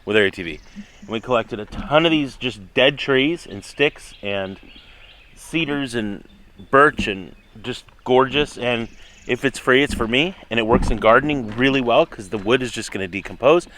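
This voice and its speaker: A man's voice: mid-range voice, normal speed, a bit bright, slight background noise. A man vlogging about his homestead garden, chatty and playful, talking outdoors. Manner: chatty and playful, coos at animals. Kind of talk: casual family vlog.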